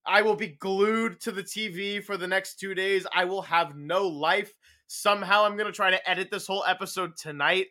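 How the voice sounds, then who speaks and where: Excited young man with a bright high voice. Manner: excited, quick-talking wrap-up. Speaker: podcast host. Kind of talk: casual podcast chat.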